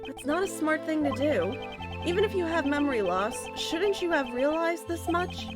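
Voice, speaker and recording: A woman's voice: high voice, lively intonation, moderate pace. A woman reading a stern, formal detective. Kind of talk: reading game dialogue aloud. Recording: lofi music playing behind.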